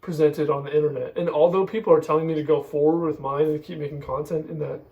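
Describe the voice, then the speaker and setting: A man's voice: a little high, steady tone, fast, distant mic, muffled recording. Tearful young man rambling in a roomy kitchen. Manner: rambling, emotional, many fillers and restarts. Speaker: vlogger. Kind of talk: casual confessional monologue. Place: home kitchen.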